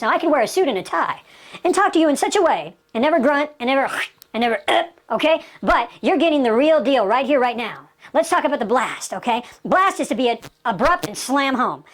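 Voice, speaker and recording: A woman teaching sales technique in an emphatic, repetitive lecture style, often checking in with "okay?". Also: high-pitched. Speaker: sales trainer.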